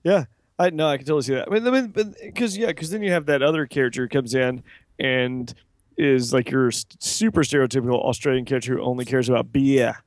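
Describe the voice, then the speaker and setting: A man co-hosting a casual horror-movie podcast, tossing in quick wisecracks. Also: medium pitch, no room sound, clean studio sound. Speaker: podcast co-host. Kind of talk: casual film discussion.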